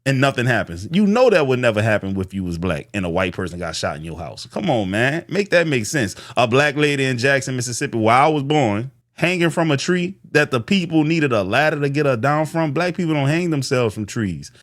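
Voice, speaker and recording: A man's voice: medium pitch, big pitch swings, fairly quick, few pauses, fairly bright tone, dry recording, clean studio sound. A man with a New Orleans accent giving blunt, slangy reaction commentary.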